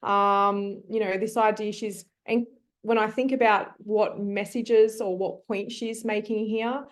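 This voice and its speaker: A woman leads a live online class over a computer mic. She coaxes her students to join in and pauses with ums as she works out her thoughts aloud. Her pitch sits in a middle range. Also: little pitch movement. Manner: coaxing, thinks aloud with frequent ums. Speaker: teacher.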